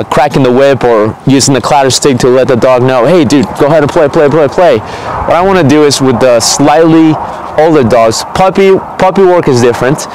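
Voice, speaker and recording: A man, a dog trainer, explaining a technique in relaxed, conversational talk, often checking in with "okay?". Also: mid-range voice, a little hiss or hum, rough recording. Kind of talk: casual instructional talk.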